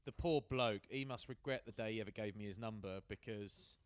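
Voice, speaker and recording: Fast-talking man, chatty. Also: fairly low pitch, clean tone, no room sound. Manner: quick, chatty, enthusiastic. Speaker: podcast co-host. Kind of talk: casual chat.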